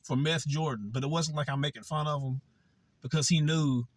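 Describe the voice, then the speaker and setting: A man's voice: on the high side, steady tone, a little fast. A young man vlogging, telling a candid personal story in a blunt, profane, conversational way.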